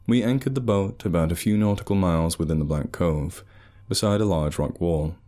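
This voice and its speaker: Low-voiced guy narrating a story, super animated and sarcastic. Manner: animated, sardonic.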